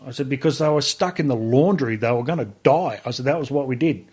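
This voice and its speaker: Aussie guy on a podcast, middle-pitched voice, swears a lot, lots of ums. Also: moderate pace, a little mellow, slightly rough. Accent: Australian. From Australia. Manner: blunt and profane, lots of fillers. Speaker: guest. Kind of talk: casual storytelling.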